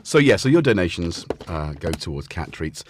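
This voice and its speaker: Speaking into a desk mic while wearing headphones, this livestream host chats from a room at home in a low, sing-song voice at normal speed. His talk is casual and rambling, he trips over his words, and there's slight background noise.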